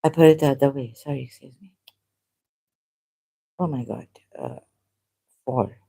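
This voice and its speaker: Solo vlogger: mellow, dark tone, halting and argumentative, reads passages aloud between asides. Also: mid-range voice, expressive, creaky, slightly rough. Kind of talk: rambling solo monologue.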